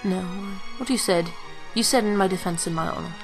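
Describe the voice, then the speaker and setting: A woman voicing a gentle young princess in a game, with a British accent and a soft, formal, earnest manner. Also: fairly low pitch, a little fast, music in the background, lightly acted.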